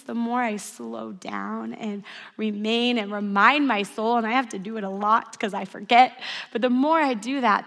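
A woman's voice: medium pitch, gravelly, a bit bright. A woman in her thirties giving an earnest sermon, telling stories and leading call-and-response. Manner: earnest, storytelling, leads the audience in call-and-response. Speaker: speaker at a church service. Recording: long hall reverb.

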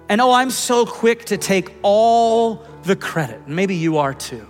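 A high-voiced man preaching in a church sanctuary, his words trailing into a long hall reverb. He speaks earnestly and conversationally, often repeating a word as he goes. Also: moderate pace, hardly any pauses, faint music behind. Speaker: pastor. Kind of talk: sermon with personal story.

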